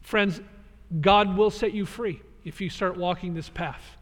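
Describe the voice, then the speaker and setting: High-voiced pastor preaching in a reverberant hall. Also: male voice, fairly even intonation, unhurried, a bit bright. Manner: earnest, emphatic expository preaching. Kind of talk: sermon. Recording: long reverb of a large hall.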